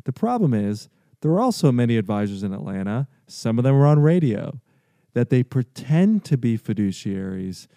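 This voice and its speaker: A man hosting a radio finance show speaks in a low, mellow voice. He pitches persuasively and repeats numbers slowly and clearly. The sound is close and dry, like a studio microphone. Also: no echo. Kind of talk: radio show talk with call-in offer.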